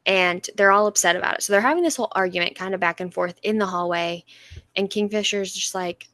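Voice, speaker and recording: A woman co-hosting a podcast, retelling a book's plot in animated, casual chat with quick voiced asides. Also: medium pitch, no echo. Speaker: podcast co-host. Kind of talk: casual book-review chat.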